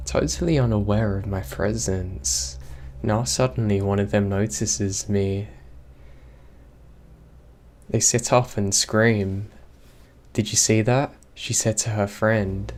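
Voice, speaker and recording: Slow, low-voiced male horror narrator. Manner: slow, even storytelling. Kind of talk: reading horror stories aloud.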